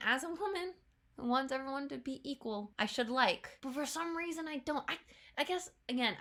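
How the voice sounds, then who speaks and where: A young woman with a bright, slightly high voice talks through her reactions to a trailer in casual commentary. She's chatty, laughs a lot, and occasionally slips into quick, playful character voices.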